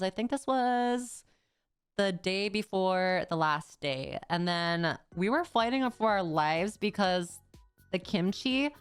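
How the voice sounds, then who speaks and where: Young woman streamer rambling casual, lowish smooth voice, bit of music underneath. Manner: rambling, casual slang, frequent "like". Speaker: VTuber streamer. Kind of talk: casual stream chat recapping a trip.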